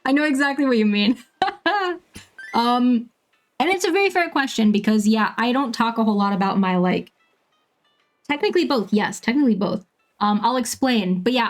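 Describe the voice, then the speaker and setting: A woman around thirty from Bermuda, chatting casually with viewers while she plays a game, laughing often and filling pauses with ums. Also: on the high side. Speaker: streamer.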